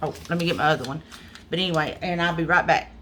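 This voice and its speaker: A woman's voice: sits low, fast, noisy background. A woman, chatting casually to viewers as she cooks in a restaurant kitchen, filmed on a phone camera. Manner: homey, chatty, addresses viewers as y'all. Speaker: small restaurant cook. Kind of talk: casual cooking video.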